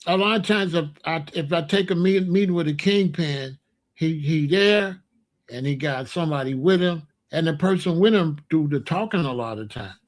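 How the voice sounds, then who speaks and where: Emphatic storytelling man, fairly high voice. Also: moderate pace. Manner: repetitive, emphatic street storytelling. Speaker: podcast host. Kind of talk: storytelling monologue.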